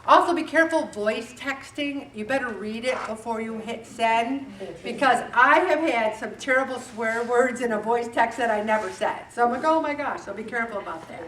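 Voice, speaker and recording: A middle-aged woman talks to her group in a lively, animated way and slips into little voices for other people. Her voice sits fairly high. It echoes around a room from a mic well away from her, with a faint hiss behind. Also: normal speed, few pauses, far from the mic. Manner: animated, acts out dialogue with voices. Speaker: weight loss group leader. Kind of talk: faith-based motivational talk to a group.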